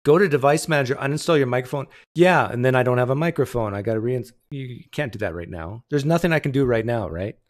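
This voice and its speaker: A man's voice: mid-range voice, quick pace, hardly any pauses. A man in his own streaming setup talks into a desk mic, trading sarcastic jokes with his chat as he tries to fix the volume. His voice sits in an ordinary middle register, and his delivery is loose and off-the-cuff. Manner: sarcastic, joking while fixing mic settings. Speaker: host. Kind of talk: casual livestream chat. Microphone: desktop streaming mic.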